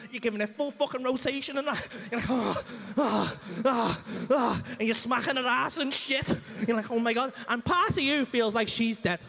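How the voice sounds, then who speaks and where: High-voiced crude stand-up comic. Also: male voice, sharp tone. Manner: crude, ranting, acts out moaning voices. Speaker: stand-up comedian. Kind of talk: stand-up comedy routine. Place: comedy club stage.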